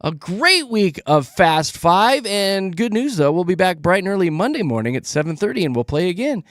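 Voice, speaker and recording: A man hosts a morning radio show with a high, bouncy voice that swoops all over. He teases callers and cohosts in playful banter, recorded close and dry. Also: moderate pace, no room sound. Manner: teasing, animated.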